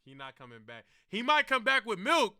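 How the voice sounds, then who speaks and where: Fairly quick and high-pitched, this young streamer reacts to videos with a crowd audible in the background. His talk is loose and slangy, constantly addressing listeners as "bro" and "gang."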